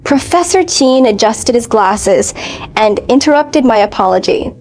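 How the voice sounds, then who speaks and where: Woman, first-person story narration, steady even reading, somewhat high voice. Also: unhurried.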